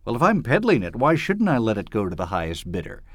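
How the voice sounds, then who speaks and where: A man's voice: on the low side, wildly swooping pitch, fast, husky, no echo, studio quality, heavily acted. A man reading aloud and voicing a cynical hard-boiled detective who speaks in a curt, bitter, sardonic way. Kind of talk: audiobook reading.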